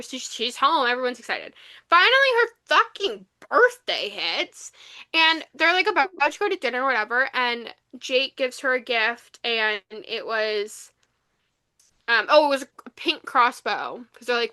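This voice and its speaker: A woman's voice: high-pitched, expressive, normal speed, sharp tone. A woman co-hosting a book podcast, casually rambling through a plot recap with lots of "like" and the odd swear word. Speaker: podcast co-host. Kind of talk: casual book review chat.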